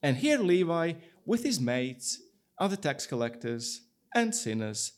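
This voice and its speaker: A man delivers a sermon at an unhurried pace. His pitch rises and falls widely as he retells the story. He acts out the people's dialogue with animated emphasis. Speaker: pastor.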